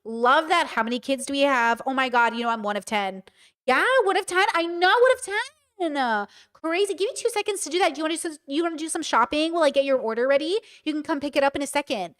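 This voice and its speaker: A woman's voice: fast, a bit bright. A woman doing a put-on customer service voice, playing a chirpy young deli counter clerk who is eager to please. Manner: bubbly high customer service voice.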